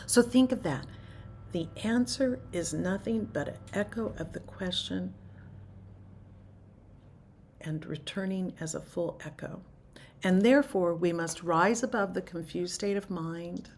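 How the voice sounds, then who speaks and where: A woman giving an unhurried, meditative spiritual talk, musing aloud and often dropping to a hushed near-whisper. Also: lowish voice, lively intonation, vocal fry, a little hiss or hum. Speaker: spiritual teacher.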